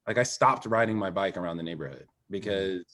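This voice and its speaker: A man who is a former Olympic swimmer, a podcast guest telling a personal story in a candid and emphatic way, dropping quiet and then rising. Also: low-pitched, fairly quick. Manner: animated, emphatic, swings between quiet and raised.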